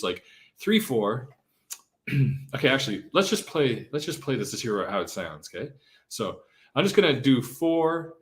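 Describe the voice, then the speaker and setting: A man at an ordinary middle pitch runs a beginner guitar lesson on a live stream. He talks in a relaxed, chatty way, often asking "okay?" and counting the beats out loud. Faint guitar strumming sits behind his voice. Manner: casual, repeats "okay?", counts beats aloud. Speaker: guitar teacher. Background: his own acoustic guitar strumming.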